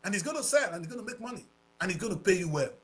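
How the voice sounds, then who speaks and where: A man's voice: high-pitched, animated, rapid-fire, a bit bright. A man with a Nigerian accent giving passionate, preachy talk-show commentary, slipping into Pidgin English.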